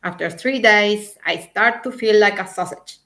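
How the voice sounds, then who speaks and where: A woman's voice: medium pitch, measured pace. A woman voicing a forty-year-old German man who mutters his complaints in a German accent, in an audiobook reading. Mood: grumbling. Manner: muttering, deadpan.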